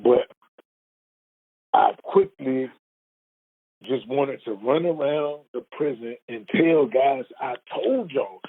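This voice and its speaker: A man's voice: medium pitch, slow, pauses often. A man telling his own life story with strong emotion, earnest and repeating words when moved. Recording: phone-like narrow band.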